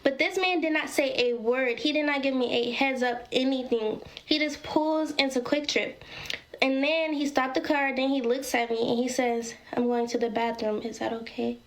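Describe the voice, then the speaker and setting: A woman's voice: sits high, moderate pace. A woman casually telling a personal story, dramatic and talking straight to her viewers. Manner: dramatic, addresses viewers as y'all.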